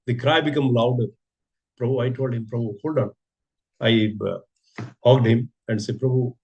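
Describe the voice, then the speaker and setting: A man's voice: medium pitch, darkish tone, husky. A man giving a sermon, telling a story and asking rhetorical questions. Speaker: preacher giving a scripture class.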